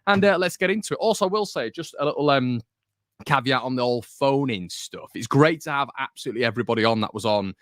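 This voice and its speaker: A man's voice: mid-range voice, fast talker, no room sound, clean studio sound. A young man from the north of England, hosting a football fan channel in chatty, jokey, rambling talk to camera. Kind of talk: casual chat to camera.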